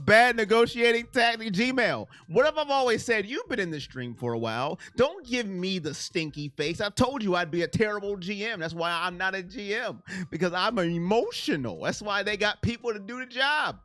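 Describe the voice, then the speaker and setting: A man hosting a casual sports livestream, answering chat and swinging from loud to mumbling. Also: high voice, normal speed, few pauses, no echo. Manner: excitable, reads chat names aloud, swings from loud to mumbling. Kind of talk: casual live-chat commentary.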